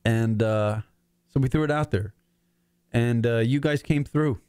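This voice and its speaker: A man's voice: mid-range voice, a little slow, pauses often, darkish tone, clear, resonant tone, dry recording, studio quality. A man in his forties hosting his own talk show from his apartment, rambling and swearing as he fights back tears. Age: 40s. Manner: rambling, profane, choked up near tears. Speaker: podcast host. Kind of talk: emotional casual monologue.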